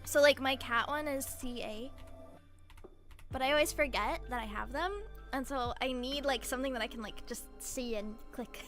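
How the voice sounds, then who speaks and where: A woman's voice: high voice, moderate pace, fairly bright tone, faint music behind. A young woman streamer chatting casually with her viewers, giggly and gushing, rambling with lots of "like.". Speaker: VTuber streamer.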